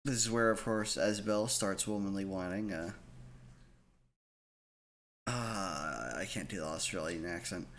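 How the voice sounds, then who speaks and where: A man narrating as game master of a tabletop game, halting and full of fillers. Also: sits low, fairly bright tone, a little hiss or hum.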